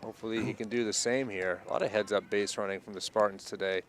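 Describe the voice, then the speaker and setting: Low-voiced man calling local baseball. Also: steady tone, fast. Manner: easygoing, chatty between pitches. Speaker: play-by-play announcer.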